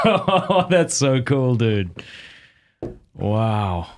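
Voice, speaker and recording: Male podcast host, lively pitch, short joking reactions. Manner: brief reactions, quick questions and joking interjections. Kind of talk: casual chat.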